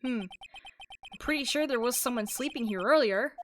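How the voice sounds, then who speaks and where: A woman's voice: a little high, moderate pace, background noise. A woman streamer chatting casually while playing through a story game. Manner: chatty, reading all the parts aloud.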